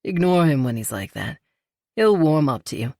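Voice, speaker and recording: A woman's voice: low-pitched, very animated, normal speed, darkish tone, no echo, clean studio sound, full character voice. A woman reading an easygoing male firefighter. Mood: reassuring. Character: man, veteran firefighter, easygoing and earnest. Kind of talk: audiobook character reading.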